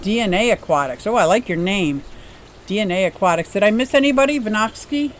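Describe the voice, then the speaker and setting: A woman's voice: mid-range voice, expressive, a little fast. Chatty mom in her fifties streaming from her yard, bubbly, greets folks by name, bit of faint noise around. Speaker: livestream host. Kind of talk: casual livestream chat. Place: outdoors in a yard.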